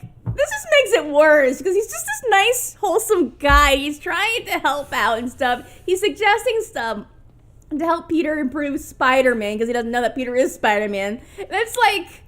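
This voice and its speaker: A woman with a high, very animated voice chats earnestly about the game she is watching. She speculates freely and talks in a casual, friendly flow, her pitch leaping up and down. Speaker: let's play co-host. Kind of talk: casual gaming commentary.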